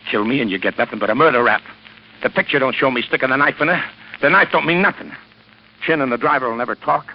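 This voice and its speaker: An actor playing a scheming gangster with a gravelly, wheedling voice, in 1940s radio acting style on a dull old broadcast. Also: male voice, mid-range voice, fast talker, slight background noise, lightly acted. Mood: pleading. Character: gravelly scheming gangster, cowardly when cornered.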